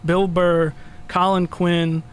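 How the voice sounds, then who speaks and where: Rambling, laughing man, slightly high voice. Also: little pitch movement, slow, smooth. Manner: rambling, swearing, laughing storyteller. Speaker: podcast co-host. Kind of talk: casual crude podcast chat.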